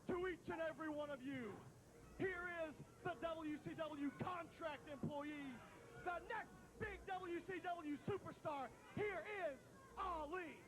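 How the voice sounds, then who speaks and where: A man's voice: extremely high pitch, a little slow. A man introducing a wrestler at a wrestling show, then trading blunt challenges in the ring.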